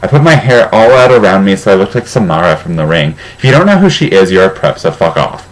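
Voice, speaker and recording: A young man with a very low, deep voice reads a fan fiction aloud in a mock-serious tone. He breaks off now and then for dry, sarcastic asides. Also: very animated, fast talker, poor audio. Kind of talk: comic dramatic reading aloud.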